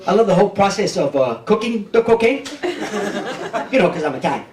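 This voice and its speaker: New guy in his 50s doing standup, high lively voice, echoey club from a distance. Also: a little fast. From Brooklyn, New York. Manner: brash, streetwise, keeps checking in with the crowd. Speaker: stand-up comedian. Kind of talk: stand-up comedy set. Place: comedy club stage. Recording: echoey club, mic heard from a distance, audience noise.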